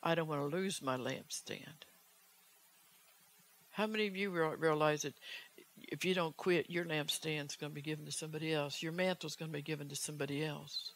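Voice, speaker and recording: A woman's voice: deep voice, fairly even intonation, quick pace. A woman evangelist preaching a fervent sermon, urgent in tone and pressing the listeners with rhetorical questions.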